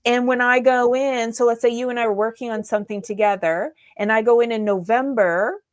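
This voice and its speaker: A woman's voice: a little high, fairly even intonation, a little fast, dry recording, studio quality. A woman guest in an interview, explaining her methods in an enthusiastic, step-by-step way. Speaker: guest, digital marketing strategist. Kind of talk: conversational interview answers.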